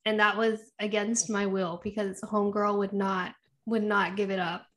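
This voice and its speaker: A woman, co-hosting a casual chat and telling animated stories, acting out what people said. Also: mid-range voice, moderate pace. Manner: animated storytelling, acts out quotes, laughs often. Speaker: podcast co-host.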